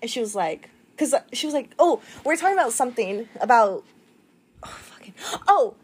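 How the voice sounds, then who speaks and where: A woman's voice: on the high side, expressive, brisk, husky. A woman in her twenties in casual chat, telling stories animatedly, laughing and swearing casually.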